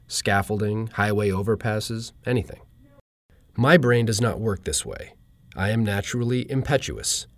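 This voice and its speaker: A man reading his own humorous personal essay with a dry, deadpan delivery. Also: mid-range voice, no room sound. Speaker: narrator.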